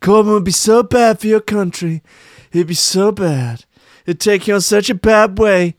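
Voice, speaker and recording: A man's voice: high-pitched, moderate pace, no room sound, clean studio sound, pitched above the performer's own voice, close to an everyday voice. A man putting on a comedic impression of a boastful older male politician who repeats himself over and over. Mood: ranting. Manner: repeats words over and over, swaggering and exaggerated.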